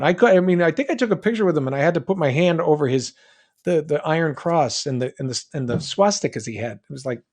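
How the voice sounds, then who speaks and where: An American man with a General American accent answering fan questions on a live stream, chatty and joking, with quick asides and restarts. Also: fairly high pitch, animated, a little mellow. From United States. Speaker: guest voice actor answering fan chat. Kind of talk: live stream Q&A, reading chat questions aloud.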